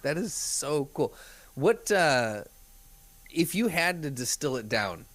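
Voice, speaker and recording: A man's voice: fairly high pitch, sing-song, slow pace, fairly bright tone, no room sound. A man co-hosting a podcast who chats casually, reacting to stories and cracking jokes. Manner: reactive, joking listener. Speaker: podcast co-host. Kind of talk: casual chat.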